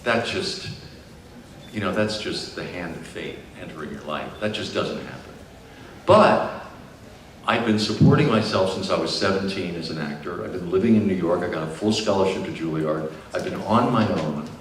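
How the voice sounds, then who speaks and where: A man is telling stories at a fan convention panel, picked up far from the mic in a large echoing hall. His delivery swings from hushed and reflective to loud and laughing. A constant hum of crowd ambience sits under him. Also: deep voice, moderate pace. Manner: animated storyteller, lively swings from hushed to loud. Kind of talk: storytelling panel Q&A. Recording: roomy distant convention hall recording with noise.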